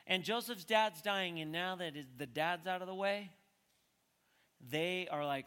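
A male pastor preaching in a church sanctuary, his voice carrying a long hall reverb. His tone is bright and forceful, a touch high for a man. He moves between quiet, conversational stretches and emphatic peaks. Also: moderate pace. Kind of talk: sermon.

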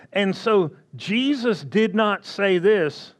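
Slow, emphatic male preacher. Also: a little high, animated. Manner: slow, emphatic, asks the congregation questions. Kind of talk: sermon.

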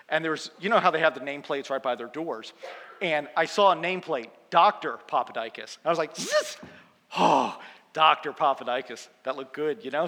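A man's voice: fairly high pitch, sharp tone, in a large hall. A man in his fifties giving a humorous, self-deprecating storytelling sermon as a guest preacher. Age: 50s. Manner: self-deprecating, chatty, laughs at own jokes.

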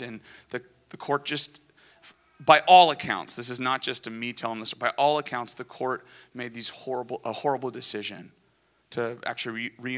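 A man's voice: mid-range voice, bright, forceful tone. A male pastor giving an Easter sermon to a congregation. He talks conversationally, asks the room questions, uses dry sarcastic humor, and grows emotional and urgent in personal stories. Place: church before a congregation.

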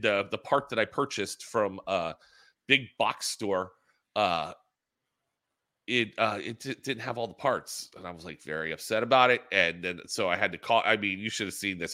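A middle-aged man co-hosting a casual racing talk show on a video call, telling rambling stories with lots of restarts. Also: on the low side. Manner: rambling storyteller, animated, many restarts. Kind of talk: casual chat. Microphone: laptop built-in camera mic on a video call.

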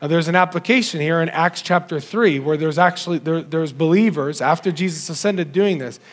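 A man with a high voice delivers a sermon, addressing his congregation directly and asking them questions. His delivery is animated, dropping low and climbing high to make a point. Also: fairly quick. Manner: animated, sweeping between low and high pitch when quoting scripture; audience-addressing with rhetorical questions. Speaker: preacher.

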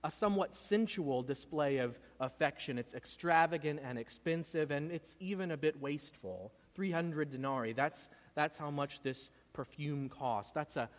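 A man's voice: a little high, expressive, unhurried, few pauses, long reverb tail. A man preaching a sermon, retelling a story in an earnest way and often repeating words as he goes. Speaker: pastor.

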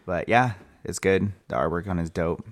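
A man with a very deep voice co-hosting a casual podcast. The sound is dry and close. He talks in a laid-back, teasing way. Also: normal speed, no echo. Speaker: podcast co-host. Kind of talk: casual chat.

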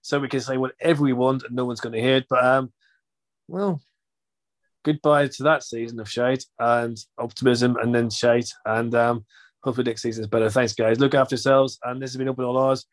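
A man's voice: mid-range voice, level tone, brisk. A man hosting a football fan podcast, chatting casually with jokey, rambling banter. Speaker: podcast host. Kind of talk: casual chat.

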